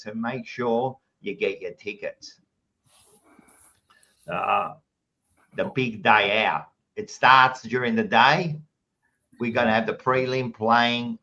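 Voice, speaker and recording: A man's voice: mid-range voice, bright, forceful tone, highs cut off. A man with an Australian accent hosting a casual football podcast, brash and swearing in banter. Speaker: podcast host. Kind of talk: casual footy chat and plugs.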